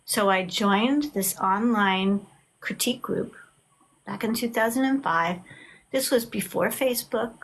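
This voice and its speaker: A middle-aged woman, talking as an author guest in a casual video chat. She tells her stories with lively acted-out quotes. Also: mid-range voice, a little slow. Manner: animated storyteller, acts out quotes.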